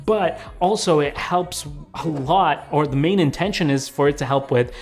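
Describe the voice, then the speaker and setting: A man's voice: fairly high pitch, moderate pace, faint music behind. A young man hosting a tech video, comparing tablets in an upbeat, conversational way with lots of casual fillers. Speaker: tech YouTuber.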